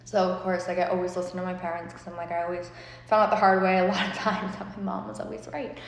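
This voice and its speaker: A woman's voice: on the low side, completely flat delivery, quick pace, vocal fry. Chatty young woman in an echoey room. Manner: chatty, lots of fillers and swearing. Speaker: vlogger. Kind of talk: casual storytelling. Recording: echoey room with long reverb.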